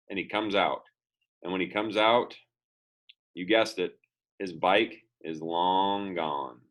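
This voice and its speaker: Man, lowish voice, upbeat, storytelling, motivational lesson for students. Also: fairly bright tone, low-quality recording. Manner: upbeat, acts out quoted dialogue. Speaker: school motivational speaker.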